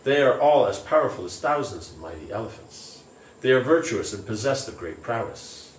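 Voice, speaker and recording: A man's voice: mid-range voice, very animated, normal speed, a little hiss or hum, lightly acted. A man reading aloud the words of a solemn old male sage giving counsel, in a distant, roomy recording. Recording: roomy, distant, faint ambience.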